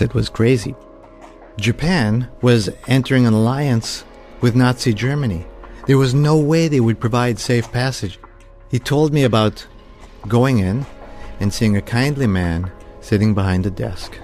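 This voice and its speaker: A man telling a true story as a storyteller, in a measured, vivid way. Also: mid-range voice, a little mellow. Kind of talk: spoken storytelling.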